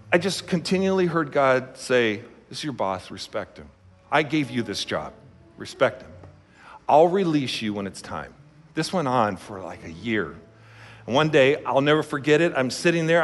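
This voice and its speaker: A man's voice: on the high side, a bit bright. A man preaching a sermon as a pastor, telling a personal story in a conversational, emphatic way. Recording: long hall reverb with faint music.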